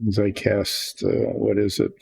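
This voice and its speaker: A man's voice: on the low side, completely flat delivery, a little slow, creaky, darkish tone, slightly rough, dry recording. An older man hosting a miniature painting video, chatting casually and thinking aloud in a meandering, self-deprecating way. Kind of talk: casual rambling chat while painting.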